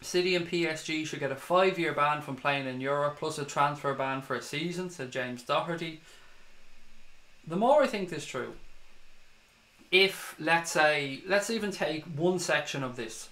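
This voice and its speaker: A man's voice: on the high side, moderate pace, fairly bright tone. Irish male fan-channel host, ranting and profane, echoey room. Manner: heated, swearing, ranting. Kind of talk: livestream commentary reading comments.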